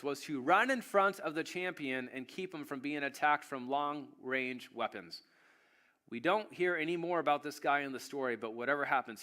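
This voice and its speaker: Delivering a sermon, this pastor, a man whose voice sits on the high side, recounts a story with animation, humor and a conversational feel.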